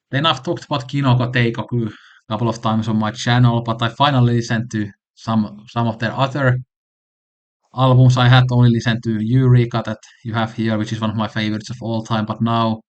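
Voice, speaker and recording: A man's voice: medium pitch, muffled recording. A man hosting a casual music recommendation vlog, talking enthusiastically and rambling with frequent restarts. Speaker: channel host.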